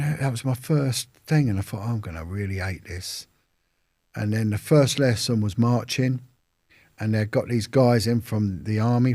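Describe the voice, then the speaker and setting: Brief: London man, low gravelly voice, husky, rambling storyteller. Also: darkish tone, dry recording, studio quality. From London, England. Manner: rambling, with restarts and acted-out quotes. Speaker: interview guest. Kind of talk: casual storytelling.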